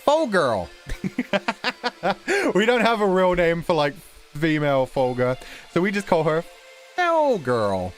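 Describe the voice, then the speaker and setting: British male streamer, young adult, casual donation-reading chat, animated up-and-down delivery, easy laughs, bit of swearing. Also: high voice, slow, long pauses, faint music behind. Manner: relaxed, chatty, laughs often, swears casually. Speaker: streamer host.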